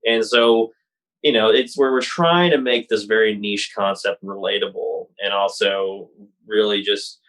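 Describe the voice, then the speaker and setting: A man's voice: lowish voice, fairly even intonation, a little slow, a bit bright. A man in casual podcast chat, laid-back and swearing freely.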